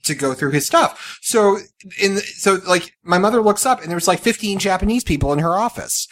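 Podcast co-host, storyteller, mid pitch, dry close sound, loves doing quoted voices. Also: fairly quick, dry recording. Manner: animated, jumps into exaggerated voices for quoted people. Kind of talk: casual storytelling chat.

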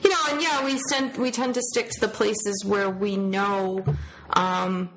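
A woman co-hosting a podcast in easygoing conversation. Her voice is gravelly. A clear background noise sits under the recording. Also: mid-range voice, fairly even intonation, measured pace. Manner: conversational, many fillers. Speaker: podcast co-host. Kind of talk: casual chat.

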